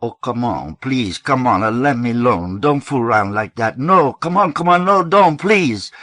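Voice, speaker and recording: A man's voice: medium pitch, expressive, normal speed, fairly bright tone, no echo, voice pushed up, natural voice. A man voicing a terrified stranger with a Mexican accent, hysterically pleading to be let alone in an audiobook. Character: terrified man screaming for mercy.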